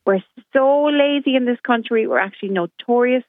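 A woman's voice: fairly high pitch, moderate pace, no room sound. Indignant woman on a phone line. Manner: indignant, animated storytelling. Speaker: caller. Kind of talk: phone-in call. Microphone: telephone.

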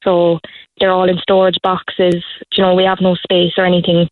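Young woman calling in, flat voice, tinny phone line. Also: lowish voice, normal speed, slight background noise. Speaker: caller.

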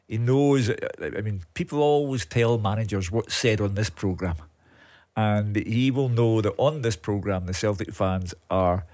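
A man's voice: on the low side, a little mellow. A man giving blunt, assertive football punditry in a radio studio.

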